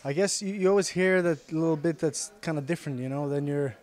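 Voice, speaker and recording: A young man whose English carries a faint Irish lilt, though it is not his first language. He answers quietly and hesitantly, with many pauses and fillers, in a slightly higher voice, in a gym. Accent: slight Irish-tinged English. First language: Icelandic. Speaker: interviewed fighter. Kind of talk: casual interview answers. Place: sports gym.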